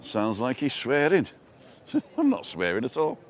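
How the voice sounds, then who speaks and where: A middle-aged man hosts a casual live stream while strolling through town streets, his medium-pitched voice swinging hugely in pitch at an unhurried pace. He chats and reads viewer comments aloud in a joking way.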